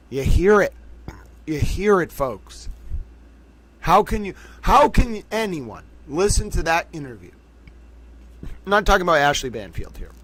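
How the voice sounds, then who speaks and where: A man's voice: on the high side, fairly bright tone. A man hosting a livestream, giving impassioned commentary with emphatic repetition and rhetorical questions. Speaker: livestream host.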